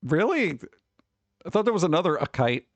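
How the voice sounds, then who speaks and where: Animated, joking male streamer. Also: on the high side, normal speed, no room sound. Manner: joking, playful, riffing. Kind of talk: casual live-stream chat.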